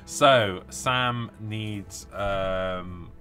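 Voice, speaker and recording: A British man with a deep, low voice hosts a casual live stream, rambling eagerly through his chat with plenty of ums. He sounds tired from too little sleep. Faint music plays softly behind him. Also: extremely slow. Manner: enthusiastic, rambling with many fillers. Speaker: host of a tabletop wargaming live stream.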